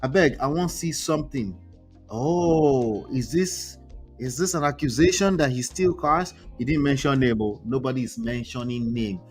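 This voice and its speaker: A man's voice: mid-range voice, moderate pace, darkish tone, soft background music. Chatty man hosting commentary. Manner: chatty, reads out posts and reacts with asides. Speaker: relationship commentary host. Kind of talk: casual live-stream commentary.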